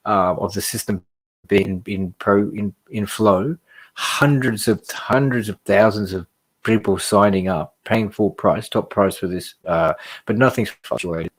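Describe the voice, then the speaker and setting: A fired-up man with a fairly low voice, hosting a casual podcast. He reads news items aloud and keeps breaking off into passionate, rambling asides. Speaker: podcast host.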